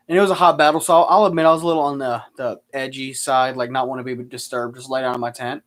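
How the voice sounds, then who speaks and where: A man's voice: medium pitch, fairly quick. A man chatting casually on a live stream, answering viewer questions and telling rambling, sarcastic stories.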